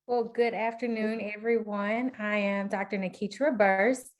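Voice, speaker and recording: A woman's voice: medium pitch, fairly even intonation, a little slow. Friendly Southern woman moderator, mid-range voice, easy conversational flow. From Mississippi, US. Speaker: panel moderator. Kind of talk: webinar moderation.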